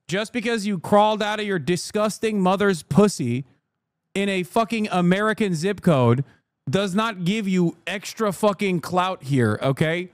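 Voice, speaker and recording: A man's voice: high voice, no room sound, studio quality. A man in his thirties streaming a profane, combative rant straight at his chat. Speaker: streamer reacting to news.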